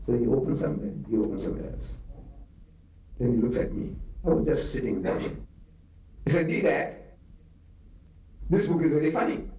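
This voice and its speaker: Older South African man preaching in an echoey hall. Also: on the high side. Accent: South African Indian English. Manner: animated storytelling, acting out dialogue and questioning the audience. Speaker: lecturer. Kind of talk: public religious lecture. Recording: dull, echoey hall recording from far off.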